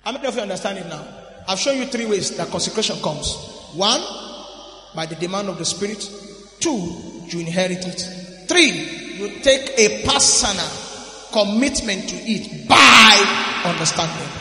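Preaching in a large hall during a church service, a man with a very high, bright, forceful voice calls out to the congregation at normal speed, animated and emphatic, swinging between quiet asides and shouted emphasis with frequent call-and-response. A long, roomy reverb fills the sound, and faint music plays behind him.

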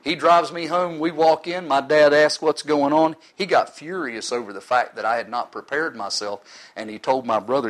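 A man's voice: a little high, normal speed, low-quality recording. A middle-aged man in ministry giving an earnest, sometimes emotional personal testimony to a live audience.

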